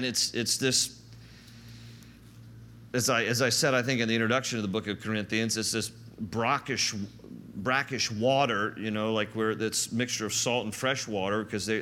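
A man preaching a sermon, teaching through a Bible passage in a conversational, animated way. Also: lowish voice, moderate pace. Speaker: pastor.

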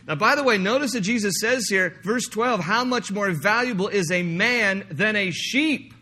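A man preaching a sermon, animated and joking, slipping into mock voices to make his point. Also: high-pitched, normal speed, few pauses. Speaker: pastor.

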